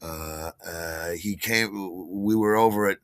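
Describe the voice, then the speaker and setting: A man's voice: deep voice, a little slow, no room sound. An older man telling a rambling personal story, full of fillers, restarts and chuckles at his own tale. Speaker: podcast host.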